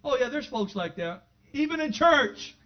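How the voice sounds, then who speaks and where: A man with a high voice preaches to his congregation in a church, moving between easy conversational asides and loud, fervent proclamations. The recording sounds dull and lo-fi, with the top end muffled. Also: animated, normal speed. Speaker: pastor. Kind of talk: sermon. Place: church sanctuary.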